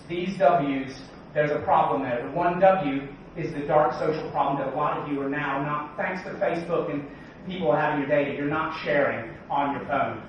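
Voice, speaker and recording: Energetic man speaking in an echoey hall. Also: a little high, a little hiss or hum. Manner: joking, energetic, quizzes the audience. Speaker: conference speaker. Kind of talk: keynote talk. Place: large conference hall. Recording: echoey hall, distant, dull sound.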